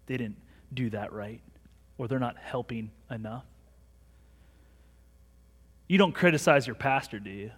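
A man's voice: medium pitch, animated, measured pace, long pauses, husky. A man in his thirties preaching a sermon in a church, in a conversational storytelling way with self-mocking humor. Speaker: pastor. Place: large church sanctuary. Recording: long hall reverb.

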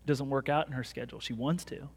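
A man's voice: mid-range voice, steady tone, fast talker, breathy edge. A man in his thirties preaching a sermon in a church, in a conversational storytelling way with self-mocking humor. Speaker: pastor. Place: large church sanctuary. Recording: long hall reverb.

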